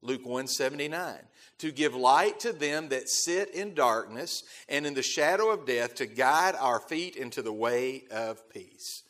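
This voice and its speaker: A man preaching a sermon as pastor, emphatic, repeating key phrases and swelling loud on key words before dropping to quiet asides. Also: mid-range voice, expressive, unhurried, hardly any pauses. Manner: emphatic, repeats key phrases, quotes scripture in King James wording.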